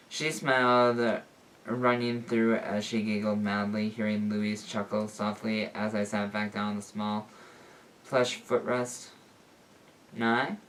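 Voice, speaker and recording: A man's voice: mid-range voice, recorded from a distance, slight background noise. A man reading a homemade story aloud, stumbling and correcting himself as he goes. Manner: unpolished, stumbles and fixes his words. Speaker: story reader. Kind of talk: reading fan fiction aloud.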